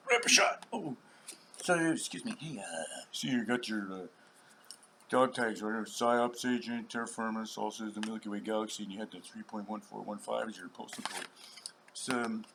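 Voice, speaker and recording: A man talks to his channel in a long, rambling monologue, bursting out loud and then dropping to a whisper. His pitch jumps around a lot, and faint background noise sits under the voice. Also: creaky. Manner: rambling, swings between loud outbursts and whispers, acts out voices. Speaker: channel host.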